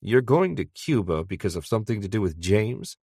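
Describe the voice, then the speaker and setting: A man's voice: fairly low pitch, big pitch swings, moderate pace, darkish tone, slightly rough, no room sound, studio quality, exaggerated voice. A man doing a wisecracking retired old newspaperman. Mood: ribbing. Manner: sardonic, ribbing.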